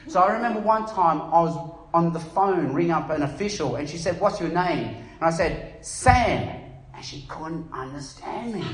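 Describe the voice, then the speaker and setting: A middle-aged Australian man preaching a sermon, telling stories with lively acted-out voices. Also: on the high side, moderate pace. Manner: animated storytelling, acts out voices in anecdotes. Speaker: pastor. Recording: echoey room.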